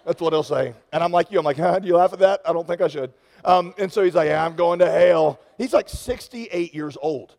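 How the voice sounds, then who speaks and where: A man's voice: high-pitched, brisk, a little mellow. A man preaching a sermon, telling a story in a conversational way that builds to impassioned peaks. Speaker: pastor. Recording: long reverb of a large hall.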